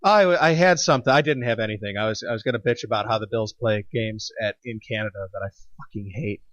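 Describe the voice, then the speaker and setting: A man's voice: on the low side, fast talker, fairly bright tone, dry recording. Man, casual podcast chat, opinionated, curses a lot, dry close recording. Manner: opinionated, swears freely, laughs often. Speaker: podcast co-host. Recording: dull lo-fi podcast audio.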